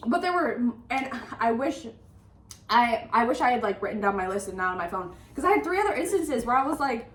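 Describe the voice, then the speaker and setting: A woman co-hosting a book podcast, talking casually and getting animated and exasperated, with lots of "like". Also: high-pitched, brisk. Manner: animated, exasperated ranting with frequent "like". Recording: roomy echo.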